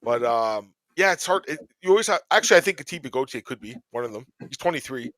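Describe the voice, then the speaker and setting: A man hosting a podcast in casual chat, rambling through topics with quick joking asides. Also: medium pitch, lively intonation, fairly bright tone, dry recording. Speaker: podcast host.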